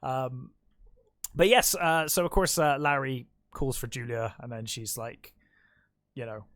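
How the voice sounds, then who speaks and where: A man chats casually as a film podcast co-host, recorded close and dry with no room sound. He retells the plot in a lively way and slips into the characters' voices as he goes. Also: mid-range voice, measured pace, no room sound. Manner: animated retelling of scenes, acting out characters' lines.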